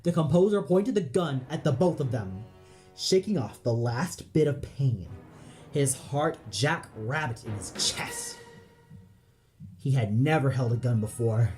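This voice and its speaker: Slow, dark-voiced male storyteller. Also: mid-range voice, animated, soft background music. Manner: intense, drawn-out storytelling. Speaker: audio play reader. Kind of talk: dramatic scripted narration.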